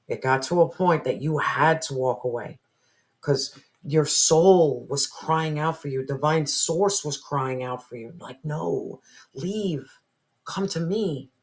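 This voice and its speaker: An intense tarot reader delivering a heartfelt spiritual reading. They hammer points home by repeating lines and sometimes sink into a whisper, with the odd curse word slipping out. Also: mid-range voice. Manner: emphatic, repeats phrases, drops to whispers, swears.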